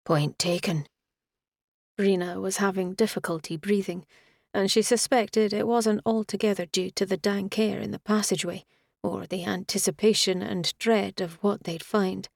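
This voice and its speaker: A woman narrating a romantic fantasy audiobook in a measured, expressive storytelling manner. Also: medium pitch, vocal fry, no echo, studio quality.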